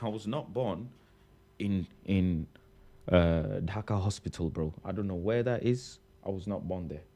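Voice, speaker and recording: A Mancunian man with a lowish, mellow voice chats on a livestream in casual banter. He plays mock-indignant, repeating his lines and leaping up in pitch for effect before dropping back low. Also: measured pace. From Manchester, England. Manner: playful mock-indignant, repeating himself with big pitch jumps. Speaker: live streamer reading chat.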